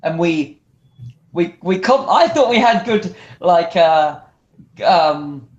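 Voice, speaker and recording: A man, a guest wrestler telling stories in a casual interview. He talks in an animated way, restarts his sentences often and acts out other people's voices. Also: fairly high pitch, slow pace, echoey room, muffled recording.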